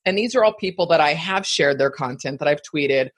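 A woman hosting a casual live-stream chat, talking in a quick, chatty way and laughing often. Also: deep voice, lively intonation. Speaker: podcast host.

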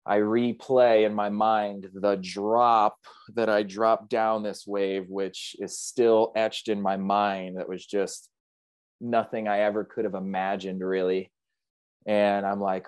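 A man's voice: on the low side, flat delivery, takes it slowly, clear, resonant tone, dry recording. A man, a surfer guest on an interview podcast, retelling a near-drowning in a vivid, earnest and reflective way. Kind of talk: emotional storytelling in an interview.

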